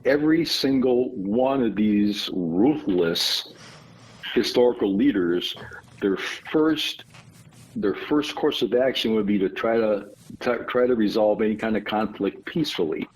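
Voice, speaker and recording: Husky, low-voiced man explaining at length. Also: poor audio. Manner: measured, explanatory storytelling. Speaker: guest author. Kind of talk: conversational interview.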